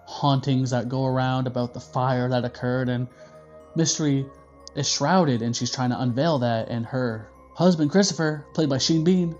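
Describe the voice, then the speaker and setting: A man's voice: medium pitch, normal speed, lo-fi sound, soft background music. A man hosting a casual movie review, joking and swearing freely. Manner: profane, joking, animated.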